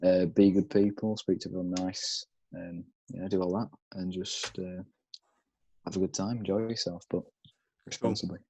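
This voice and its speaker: A man's voice: low voice, level tone, normal speed, warm tone, a little hiss or hum, poor audio. A young man from England co-hosting a podcast, laid-back and joking in casual banter. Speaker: podcast co-host.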